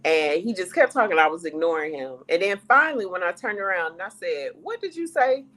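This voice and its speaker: A woman's voice: on the low side, brisk. A woman, telling stories in a casual group chat and acting out the voices. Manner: animated storyteller, acts out quoted voices. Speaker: co-host.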